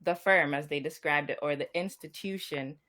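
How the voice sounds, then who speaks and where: Low-voiced woman co-hosting a chat show. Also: moderate pace, fairly bright tone. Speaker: podcast co-host. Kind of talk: casual chat.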